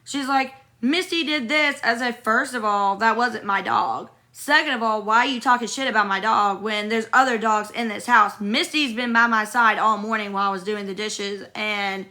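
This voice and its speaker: A young woman, hoarse from being sick, talks straight into her phone during a livestream from a hotel room. Her voice is bright and forceful, and her talk is blunt and profane, rambling from one grievance to the next while she answers the comment feed. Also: mid-range voice, fairly even intonation, moderate pace, few pauses. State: hoarse from illness. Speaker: livestreamer reading viewer comments. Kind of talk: casual livestream venting.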